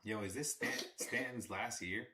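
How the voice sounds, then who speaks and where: A young man with a lowish voice gives casual live fan commentary on a baseball game. He is chatty and excitable, cheering players on and cursing when plays go wrong. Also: moderate pace. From Long Island, New York.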